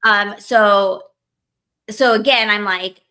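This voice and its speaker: A woman's voice: mid-range voice, steady tone, takes it slowly, sharp tone. A woman co-hosting a podcast, ranting in casual chat, heated and profane, full of filler words. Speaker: podcast co-host.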